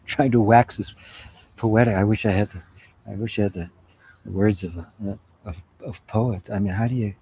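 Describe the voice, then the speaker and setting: A man giving a spiritual satsang talk, reflective and unhurried, often asking "right?" and laughing softly. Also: on the low side, fairly even intonation, husky. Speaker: spiritual teacher. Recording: dull lo-fi sound.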